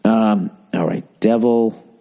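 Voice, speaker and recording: A man's voice: lowish voice, fairly even intonation, slow pace, gravelly, mellow. A middle-aged man hosting a podcast, riffing in a profane, sarcastic, rambling monologue. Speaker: podcast host.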